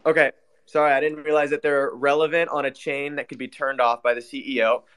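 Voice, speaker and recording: A man's voice: mid-range voice, flat delivery, brisk, fairly bright tone, clean tone. Blunt, foul-mouthed man arguing. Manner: blunt, swears a lot, argumentative. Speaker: panelist on a crypto talk space. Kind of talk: casual chat.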